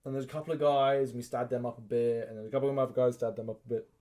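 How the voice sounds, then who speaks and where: Speaking very fast at a medium pitch, a man co-hosting a podcast spins a story during casual conversation. He performs the quotes with animation and curses along the way.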